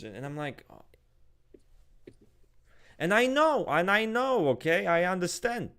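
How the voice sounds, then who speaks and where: Loud sweary guy ranting on a podcast, voice sits a bit high and jumps all over. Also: very animated, moderate pace, creaky, clean tone. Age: adult, married. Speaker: podcast co-host. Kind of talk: casual chat.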